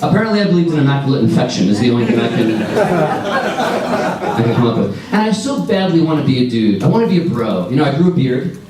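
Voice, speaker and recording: Male stand-up, forties, dry wry delivery, lively pitch; roomy distant club sound, audience audible. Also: fast talker, over a noisy crowd. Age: 40s. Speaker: stand-up comedian. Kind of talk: stand-up comedy set. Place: comedy club stage. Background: audience laughter.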